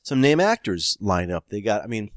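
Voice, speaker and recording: A man's voice: fairly low pitch, very animated, normal speed, no echo, studio quality. A man telling a long anecdote about his screenwriting work in a casual chat, laughing often and acting out quoted phone calls. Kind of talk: casual podcast storytelling.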